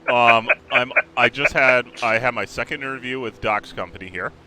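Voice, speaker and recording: A man's voice: mid-range voice, moderate pace, sharp tone, slight background noise. A man with covid hosting a casual gaming chat, telling a story with lots of swearing and laughter. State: sick with covid. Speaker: host.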